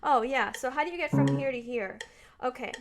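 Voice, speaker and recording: A woman with a slightly high voice walks through her practice in a casual piano lesson. She thinks aloud, relaxed and chatty, as she plays. Loud piano fills the space behind her words. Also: fairly quick. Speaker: piano teacher. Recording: voice over loud piano playing. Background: piano playing.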